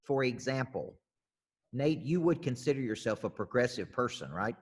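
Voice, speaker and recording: Husky-voiced sales coach in a reverberant space. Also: male voice, medium pitch, lively intonation, normal speed. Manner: loose, talkative, runs the questions. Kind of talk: hosting a panel chat.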